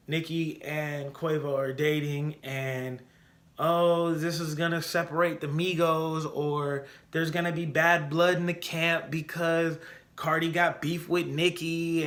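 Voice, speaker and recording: A young man with a slightly high voice hosts a casual solo podcast. His commentary is opinionated and animated, and he repeats points for emphasis.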